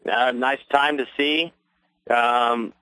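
A man's voice: mid-range voice, steady tone, slow pace, bright, forceful tone, dry recording, rough recording. A man giving color commentary on a local radio broadcast of a ball game, easygoing and analytical as he breaks down the plays.

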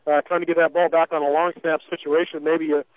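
A man's voice: fairly high pitch, little pitch movement, fast talker, dry recording, rough recording. Folksy Midwestern man calling local football. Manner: folksy, chatty, frequent fillers and restarts. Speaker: play-by-play announcer. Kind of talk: local radio sports commentary.

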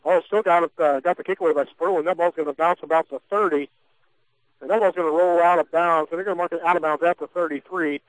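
A folksy man calls a high school football game for local radio, his voice sitting a touch high for a man. He chats freely between plays, with plenty of fillers and restarts, and the sound is close and dry. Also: steady tone, quick pace, no room sound, rough recording. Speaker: play-by-play announcer. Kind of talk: local radio sports commentary.

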